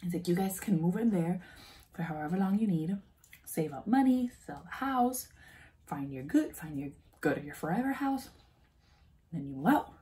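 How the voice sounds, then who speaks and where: A young woman vlogging at home, chatting casually and acting out conversations with her husband, sometimes chewing as she talks and sounding under the weather. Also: deep voice. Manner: animated, acts out quoted dialogue, laughs often; chewing while talking. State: sick. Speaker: beauty vlogger. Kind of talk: casual storytelling.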